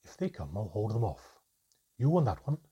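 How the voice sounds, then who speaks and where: A commanding goblin elder, put on by a man reading a storybook, talks in a low, urgent, firm way. His voice is deep-set and husky, with a dark, mellow tone. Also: moderate pace, dull audio.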